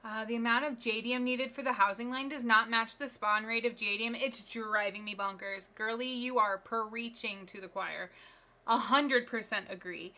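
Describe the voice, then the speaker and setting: A woman's voice: on the high side, fairly even intonation, moderate pace, bright, forceful tone. A woman streaming live from home, chatting casually and upbeat with her viewers while she builds.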